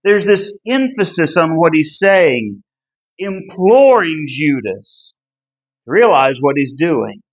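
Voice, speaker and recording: A man leads a Bible study lesson in an unhurried, deliberate way. His voice sits high for a man. He is earnest and emphatic, almost pleading when he drives a point home. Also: sing-song, rough recording. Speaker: Bible class teacher.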